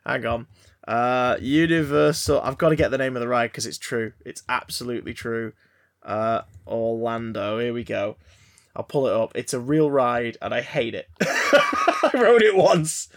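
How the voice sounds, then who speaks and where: Male podcast co-host, rambling deadpan banter, lots of restarts. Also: mid-range voice. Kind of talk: casual banter about films.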